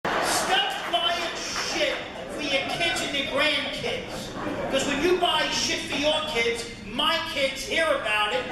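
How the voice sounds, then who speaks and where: A man's voice: extremely high pitch, distant mic, heavy background noise. A man doing a stand-up comedy routine, ranting in a brash, profane, mocking way on a club stage. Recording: echoey live club recording from afar. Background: audience ambience.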